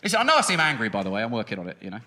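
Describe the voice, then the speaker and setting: A man's voice: fairly low pitch, huge pitch swings, rapid-fire. A young man doing a stand-up routine on a music hall stage, ranting with exasperation, swearing freely and dropping into muttered asides. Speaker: stand-up comedian. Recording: live show with audience noise.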